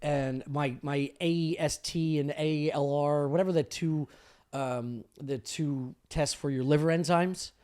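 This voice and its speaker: A man co-hosting a casual podcast, telling animated stories, acting out the people in them and laughing often. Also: a little high, measured pace. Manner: animated storyteller, acts out the people in his anecdotes, laughs often. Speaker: podcast co-host.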